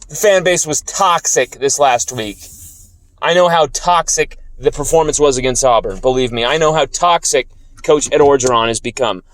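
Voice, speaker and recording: A man's voice: on the high side, no room sound. A man hosting a sports commentary show, delivering a blunt, heated, profane opinion rant and repeating his points for emphasis.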